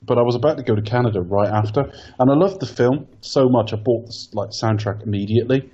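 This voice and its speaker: A man's voice: medium pitch, fast, warm tone, lo-fi sound. A man co-hosting a casual film podcast, wry and joking, with long rambling turns. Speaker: podcast co-host. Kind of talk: casual film review chat.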